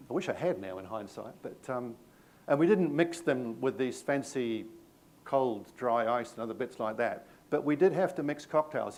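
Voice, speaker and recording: A middle-aged man with a New Zealand accent runs a live staff training session, talking with an audience at a medium pitch. He keeps it conversational and tells anecdotes with a self-mocking humour. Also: a little mellow. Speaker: workshop presenter.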